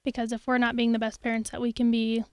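A young woman chatting as a guest, laughing often and acting out quick quotes. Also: on the high side, completely flat delivery, darkish tone, no room sound. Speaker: podcast guest. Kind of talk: casual interview conversation.

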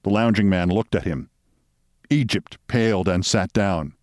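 A man reading a comic mystery story aloud in a steady, dry storytelling voice. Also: sits low, a little slow, dry recording. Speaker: narrator.

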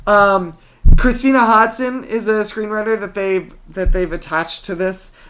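A podcast co-host chats casually in a steady, mid-range voice with a fairly bright tone, speaking a little slowly. He or she swears freely and rambles from point to point, filling gaps with frequent ums and restarts.

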